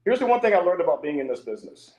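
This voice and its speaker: A middle-aged man telling stories on a podcast in a loose, swearing way, acting out what others said. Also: racing. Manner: animated, swears freely, acts out quotes in a higher voice. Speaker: podcast guest. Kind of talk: casual storytelling. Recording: roomy echo.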